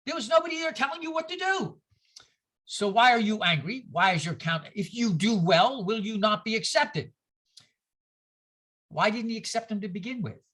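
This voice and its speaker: A minister leading a conversational Bible study, animated and full of rhetorical questions put to the group. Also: mid-range voice. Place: church gathering.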